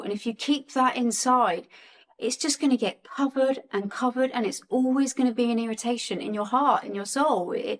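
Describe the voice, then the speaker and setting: A woman in her forties giving a heartfelt spiritual talk to viewers, earnest and emotional, often repeating and restarting her phrases. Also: a little high. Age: 40s. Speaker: guest on a spiritual channel.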